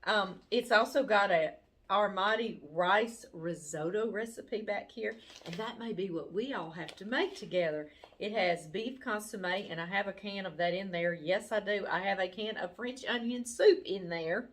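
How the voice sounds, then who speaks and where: A woman's voice: medium pitch, normal speed, fairly bright tone. Lady from opening mail on her channel, gushy and giggly, says precious a lot. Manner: gushing, effusive, laughs often. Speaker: cooking channel host. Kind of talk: casual chat opening fan mail.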